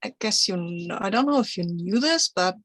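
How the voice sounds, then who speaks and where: A woman's voice: medium pitch, animated, moderate pace, a bit bright, no echo. A woman playing a tabletop role-playing game, talking in a rambling, hesitant way while speaking partly in character. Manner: rambling, hesitant, full of fillers. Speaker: player. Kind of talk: casual in-character play.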